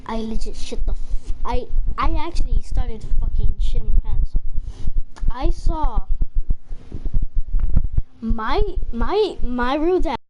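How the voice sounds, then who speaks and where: A woman's voice: a little high, slow, pauses often. A woman casually telling a personal story, rambling with lots of fillers and swearing. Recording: noisy home recording.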